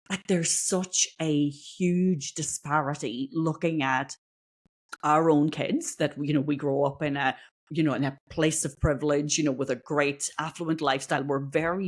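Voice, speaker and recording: Woman, podcast host, low voice, husky tone, empathetic, restarts her questions. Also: fairly even intonation, measured pace. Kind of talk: casual interview chat.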